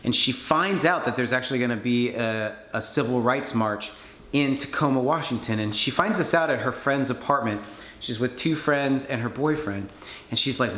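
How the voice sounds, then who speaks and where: Man telling a story with animated energy. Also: medium pitch, moderate pace. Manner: animated storyteller, acts out quoted voices. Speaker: conference speaker. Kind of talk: storytelling talk. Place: conference hall. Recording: echoey room with faint background noise.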